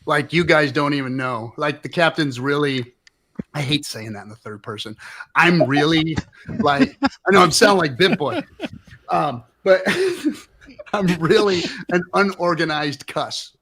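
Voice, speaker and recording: A middle-aged male host with a high voice delivers an impassioned, profane livestream rant. His emphatic, fired-up delivery keeps pushing every point. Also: expressive, unhurried, fairly bright tone.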